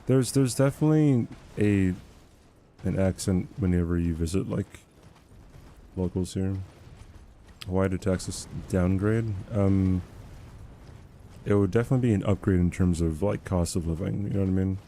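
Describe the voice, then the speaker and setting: Young male streamer, low gravelly voice, rambling casual gaming chat. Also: normal speed, pauses often, dark tone, a little hiss or hum. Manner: rambling, laughs often, self-deprecating. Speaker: livestreamer.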